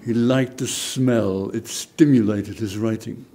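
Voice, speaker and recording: A man's voice: lowish voice, steady tone, slow pace, mellow. Man, English, literary moderator, short questions, reflective asides. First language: German. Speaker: interviewer and moderator.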